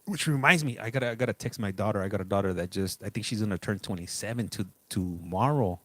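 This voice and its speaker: A man's voice: fairly low pitch, fast, a bit bright, no room sound. A middle-aged man hosting a casual live stream, chatting loosely and greeting viewers by name. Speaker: livestream host.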